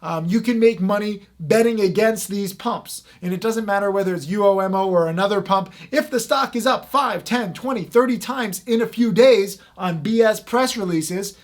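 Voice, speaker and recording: A man with a fairly high voice teaches stock trading straight to the camera. He talks fast and with emphasis, leaning on frequent fillers as he goes. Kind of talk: direct-to-camera talk.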